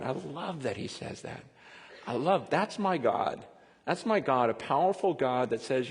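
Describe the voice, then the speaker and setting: A man preaching a sermon in a lively, conversational way, often breaking into quick laughs. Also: medium pitch, long reverb tail. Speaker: pastor.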